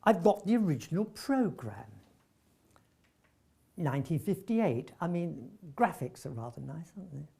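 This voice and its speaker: With a husky, fairly high voice at an ordinary pace, this older North London man recounts anecdotes from his years as a veteran actor. He's a lively storyteller who voices the characters himself, frequently stumbling and starting sentences over.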